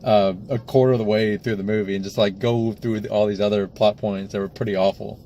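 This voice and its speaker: A man's voice: on the low side, steady tone, a little fast, dark tone, a little hiss or hum. A man co-hosting a casual film review, steadily critical, with many "like" fillers.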